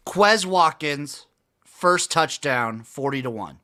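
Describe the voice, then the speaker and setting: An excitable man co-hosts a sports betting chat and swears freely. His pitch swings widely as he talks. His tone is bright and forward. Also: slow, clear, resonant tone. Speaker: co-host. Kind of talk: casual sports betting banter.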